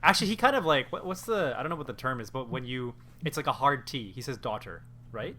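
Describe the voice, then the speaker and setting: A man's voice: medium pitch, lively intonation, quick pace, pushed and bright. A man co-hosting a casual podcast, hesitant and giggling. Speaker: podcast co-host. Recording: noisy recording.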